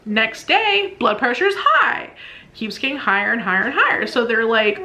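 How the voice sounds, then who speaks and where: A woman's voice: a little high, sing-song, brisk, bright, forceful tone, slight background noise. A woman vlogger casually telling a personal story, chatty and laughing often, acting out what she said back then. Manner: chatty, laughs often, acts out her own past lines.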